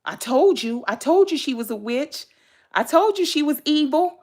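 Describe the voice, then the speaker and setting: A woman putting on a spiteful accuser who repeats the same charge over and over in a shrill, raised, mocking voice. The figure sounds taunting and self-righteous. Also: animated, normal speed, darkish tone.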